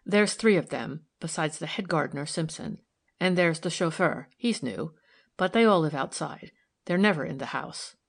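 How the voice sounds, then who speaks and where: A woman's voice: deep voice, lively intonation, moderate pace, gravelly, full character voice. A woman voicing a stout, loyal older housemaid who talks bluntly in plain servant's dialect in an audiobook. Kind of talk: audiobook character reading.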